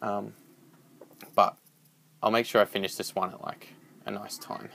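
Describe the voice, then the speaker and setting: A young man giving rambling, excitable let's-play commentary as a gaming channel host, swearing when startled. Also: on the low side, unhurried, creaky, a little hiss or hum.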